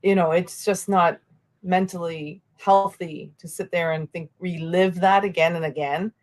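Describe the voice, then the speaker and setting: A woman with a lowish voice hosts a conversational podcast interview. She speaks earnestly and haltingly, pausing on fillers and restarting her sentences. Her tone is steady and supportive. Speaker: podcast host.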